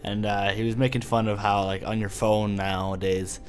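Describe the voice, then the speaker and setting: A man's voice: on the low side, flat delivery, normal speed, soft background music. A man giving rambling, swear-filled let's play commentary, thinking aloud as he plays. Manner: rambling and profane, often swears; thinks aloud while playing. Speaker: gamer playing a video game.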